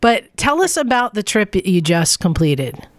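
A woman's voice: medium pitch, very animated, moderate pace, no echo. Chatty woman podcast host, dry sound. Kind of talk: casual chat and interviewing.

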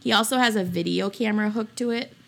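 A woman co-hosting a podcast in casual chat, expressive and laughing often. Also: mid-range voice, fast talker, creaky. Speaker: podcast co-host.

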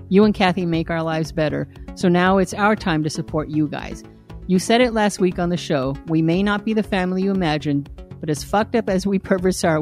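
Podcast co-host lady reading fan messages, lowish voice, wry, faint music. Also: darkish tone. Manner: laughing, wry reader. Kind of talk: reading listener messages aloud.

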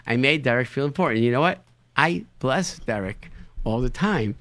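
A man's voice: mid-range voice, animated, moderate pace, crowd noise. A man telling casual anecdotes animatedly, often repeating words as he finds his phrasing. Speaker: storyteller, show guest.

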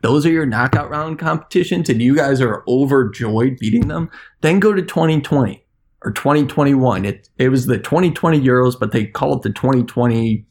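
A man on a podcast as its international correspondent, ranting in an animated, sarcastic way. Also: mid-range voice, fairly quick. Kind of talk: podcast chat.

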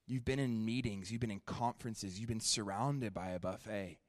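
A young man preaching a sermon at a church, shifting from animated, joking storytelling to quiet, prayerful ministry. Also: fairly low pitch, moderate pace, dry recording, studio quality. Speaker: guest preacher.

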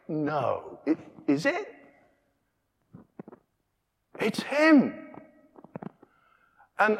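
British preacher with a hall echo. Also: male voice, a little high. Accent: British English. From Britain. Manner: animated, acts out dialogue with changing voices. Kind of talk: sermon. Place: church. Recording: long reverb of a church hall.

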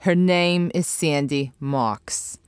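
Woman podcast host, low and smooth, playful and joking, dry close sound. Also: slow, no echo. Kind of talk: comic podcast intro.

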